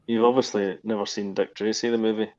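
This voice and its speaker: A man's voice: lowish voice, level tone, fast, warm tone. A man co-hosting a podcast, teasing his partner with dry short remarks in casual chat. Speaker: podcast co-host. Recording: dull lo-fi sound.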